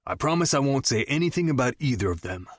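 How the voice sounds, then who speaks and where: A man's voice: medium pitch, sing-song, fast talker, no room sound, clean studio sound, pitched above the performer's own voice. A man voicing a cocky young best friend who talks in smug, joking banter, in an audiobook. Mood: teasing.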